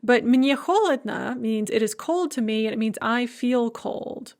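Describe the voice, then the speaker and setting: A woman lecturer teaching a language lesson, explaining grammar step by step and slowing down to enunciate each example phrase. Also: on the high side, lively intonation, a little mellow. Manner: explanatory, repeats key points. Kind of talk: recorded lecture.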